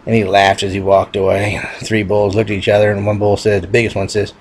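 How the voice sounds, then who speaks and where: Gravelly rambling joke teller. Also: male voice, lowish voice, level tone, brisk, few pauses. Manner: rambling, folksy, self-correcting. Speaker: joke teller, channel host. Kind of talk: casual joke telling.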